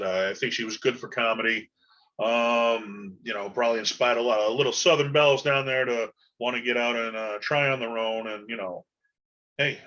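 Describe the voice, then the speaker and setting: A man hosts a podcast solo, with a bright, forceful voice at an ordinary pitch. He talks in a loose, folksy ramble full of "uh" and "you know". The sound is a bit muffled and lo-fi. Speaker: podcast host. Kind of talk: casual solo podcast monologue.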